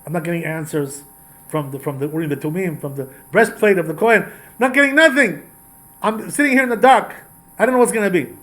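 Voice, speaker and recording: A man's voice: fairly high pitch, quick pace, lightly acted. A man doing a desperate frightened king. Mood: pleading. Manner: pleading, anxious and insistent.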